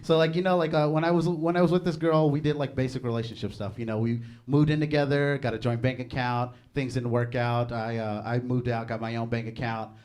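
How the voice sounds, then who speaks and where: A man's voice: medium pitch, steady tone, brisk, hardly any pauses, darkish tone. A young man performing stand-up comedy, chatty and laughing at his own jokes. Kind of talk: stand-up set.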